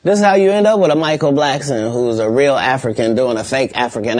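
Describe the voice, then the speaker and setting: A man's voice: medium pitch, quick pace, a little mellow. A man talking as a podcast guest in casual interview talk, blunt, boastful and lecturing. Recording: played clip from a podcast.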